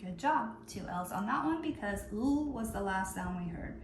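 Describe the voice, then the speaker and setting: A woman teacher leading a phonics lesson for young children, calling out words slowly and stretching out the sounds. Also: mid-range voice, expressive, roomy sound, slight background noise. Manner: slow, drawn-out word calling.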